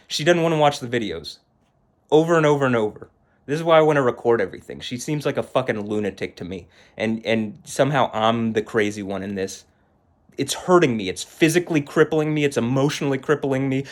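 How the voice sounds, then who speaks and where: A man vlogging an agitated, heated rant, shaking with anger and repeating himself. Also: medium pitch. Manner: agitated, heated, repetitive, swearing. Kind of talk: angry personal rant to camera.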